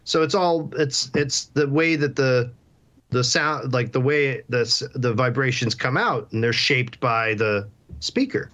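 A man chatting as a guest on a comedy podcast, halting and repeating words as he explains. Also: medium pitch, a bit bright. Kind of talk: casual comedic chat. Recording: slightly muffled recording.

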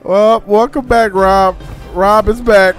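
A man, commentating his co-op stealth game casually, excitable and joking, teasing his partner. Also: fairly high pitch, moderate pace, soft background music. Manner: excitable, jokey, trash-talks his partner, bursts into loud laughs. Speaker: gaming channel host.

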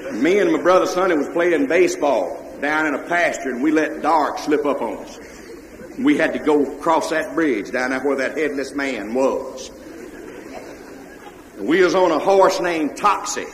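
A man with a Mississippi Southern accent telling comic stories on a live stage, loud and animated, yelling for effect. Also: a little high, normal speed. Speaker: comedian storyteller. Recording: echoey hall, faint noise.

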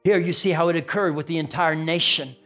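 A man's voice: a little high, a little fast, fairly bright tone, soft background music. A man preaching a sermon as pastor, with a repetitive, building cadence that rises into dramatic quoted lines. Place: church sanctuary.

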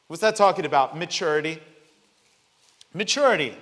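High-voiced man preaching in a reverberant church. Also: moderate pace. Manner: animated storytelling, voices quoted people, exclaims. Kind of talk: sermon with personal story. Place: church sanctuary.

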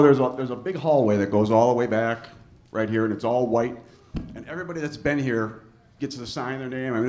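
A man's voice: medium pitch, background noise. A man doing a stand-up comedy set in a club, telling a profane story and acting out both sides. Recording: live club recording with audience laughter.

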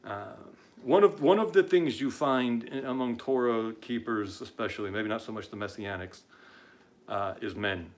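A man hosting his own online show, speaking off the cuff in a casual live-stream style. He is blunt and combative, fills pauses with "uh" and stammers through frequent restarts. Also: mid-range voice.

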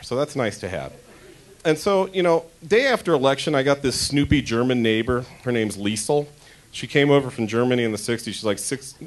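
Chatty man doing stand-up in a club. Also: medium pitch. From Denver. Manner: chatty, self-interrupting, crude punchlines. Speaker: stand-up comedian. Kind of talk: stand-up comedy set. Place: comedy club stage.

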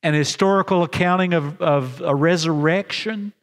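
A man delivers a sermon in a fairly high voice, earnest and halting, often restarting his phrases and slowing down to stress key lines. The sound carries the long reverb of a chapel. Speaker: pastor.

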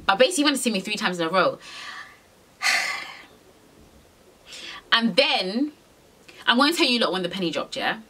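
Young woman, confessional vlogger; bright, animated delivery, rambling and unfiltered. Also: medium pitch, normal speed, long pauses. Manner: frank, rambling, swears freely, heavy slang. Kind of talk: storytime confession to camera.

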